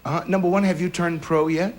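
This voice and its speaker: A man's voice: high-pitched, steady tone, fast talker. A man on a game show panel, asking hesitant, stumbling questions.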